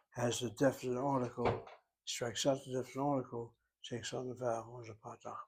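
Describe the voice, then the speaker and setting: Male grammar teacher, husky voice, patient step-by-step explainer. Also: medium pitch. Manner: methodical, explains word by word and letter by letter. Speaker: Hebrew teacher. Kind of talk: grammar lesson.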